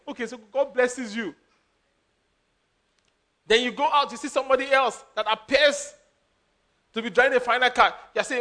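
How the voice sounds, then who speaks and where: A man preaching a sermon as a pastor, animated, laughing and acting out quotes. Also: very high voice, normal speed, long pauses.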